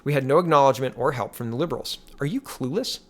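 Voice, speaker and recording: A man hosting a casual political commentary show, reading tweets and news aloud in an animated, indignant way. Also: mid-range voice, fast talker.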